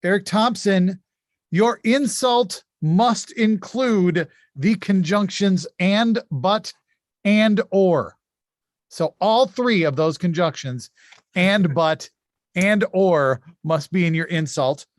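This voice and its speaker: A man hosting a streamed insult comedy game, brisk and joking, often laughing as he reads out the rules. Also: high-pitched, dry recording, clean studio sound.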